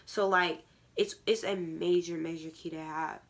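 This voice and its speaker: A woman's voice: fairly low pitch, fairly even intonation, a little slow. A teenage girl vlogging a casual advice rant to camera, with a stuffy, congested nose, filling every phrase with "like". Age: teens.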